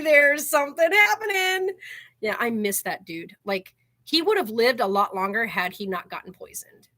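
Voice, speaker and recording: Telling stories on her own channel, this host talks in a pushed, bright, mid-range voice. It's a loose, chatty style, thick with "like," and she breaks into laughter mid-story.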